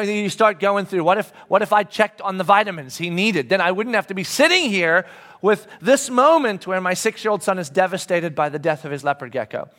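Conversational middle-aged male pastor. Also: fairly high pitch. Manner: conversational storyteller with frequent restarts, dropping soft for reflection. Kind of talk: sermon with a personal story. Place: church sanctuary.

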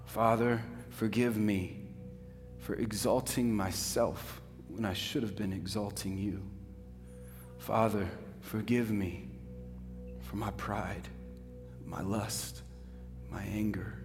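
A man speaking an earnest prayer of confession, moving between hushed and fervent. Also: fairly low pitch. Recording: reverberant hall over instrumental music.

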